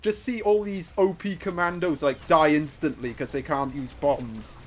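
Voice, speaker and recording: A man giving live gameplay commentary, excitable and trash-talking, swinging from muttering to shouting. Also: on the high side, normal speed, slight background noise. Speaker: gaming YouTuber.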